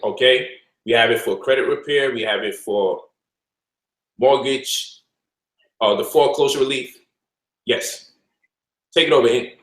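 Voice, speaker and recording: A man hosting a casual livestream, lecturing and mocking by turns in an animated way. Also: mid-range voice, a little slow, long pauses, echoey room, rough recording. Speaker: host.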